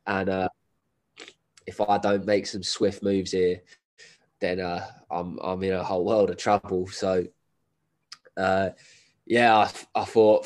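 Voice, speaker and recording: Low-voiced bloke, podcast guest with a cold, laddish and sweary storyteller. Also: male voice, flat delivery, slow, pauses often. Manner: swearing, laddish slang, laughs while telling. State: has a cold. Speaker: guest, endurance runner. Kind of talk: casual storytelling.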